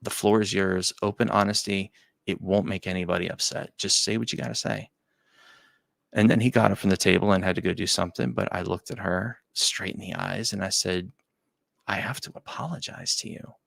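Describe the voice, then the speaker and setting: A man hosting a talk show, telling a personal story in a halting, emotional way, often dropping to a quiet near-whisper and repeating his words. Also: deep voice, flat delivery, creaky, no room sound. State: choked up. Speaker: show host.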